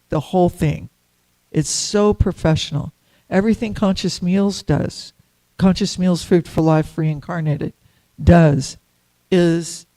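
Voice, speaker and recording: A woman's voice: fairly low pitch, dark tone. A woman giving a devotional class at a temple, chatty and storytelling, laughing often.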